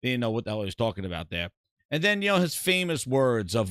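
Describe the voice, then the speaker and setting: A man hosting a gaming livestream, talking excitedly and bursting into loud shout-outs to viewers. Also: medium pitch, fast, dry recording, studio quality. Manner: animated, loud bursts when thanking viewers.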